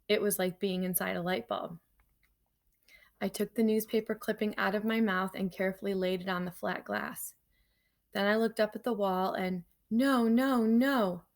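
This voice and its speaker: A woman reads a children's chapter book aloud to her class with a gravelly, creaky edge to her voice. Her delivery is lively and animated, and she slips into casual asides to her students between passages. Her pitch sits in the ordinary middle range for a woman. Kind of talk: reading a children's novel aloud.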